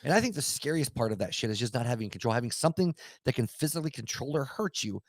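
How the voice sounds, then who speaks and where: A man of middle pitch tells a story on a casual podcast, cursing freely and getting animated. The recording is close and dry, with no room sound. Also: fast talker, no echo. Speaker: podcast co-host. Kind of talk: casual chat.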